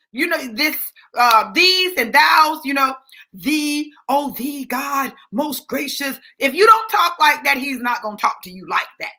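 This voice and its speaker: A woman's voice: sits high, bright, forceful tone. A woman preaching a sermon in a sassy, conversational way, repeating phrases for emphasis. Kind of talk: sermon teaching.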